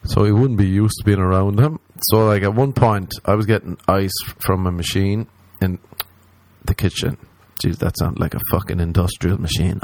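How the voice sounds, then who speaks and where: A man's voice: low-pitched, moderate pace, no room sound. A man from Ireland with an Irish accent, casually telling a comic story, swearing a lot and acting out the voices of the people in it. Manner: animated, swears a lot, acts out quoted voices.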